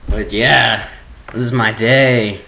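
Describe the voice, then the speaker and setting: A man rambling goofily in a webcam vlog at home at his computer, jumping between low mumbling and sudden squeals. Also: fairly bright tone, a little hiss or hum, low-quality recording. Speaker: vlogger.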